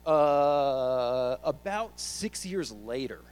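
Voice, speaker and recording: A young man preaching, telling a personal story with animated delivery and acting out his own panic. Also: medium pitch, extremely slow, clean tone, faint music behind, rough recording.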